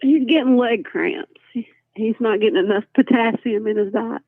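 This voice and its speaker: A woman's voice: on the high side, normal speed, dry recording. Giggly woman on a tinny line. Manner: playful, giggly, answers viewer comments. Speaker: live stream host. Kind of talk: casual live-stream chat.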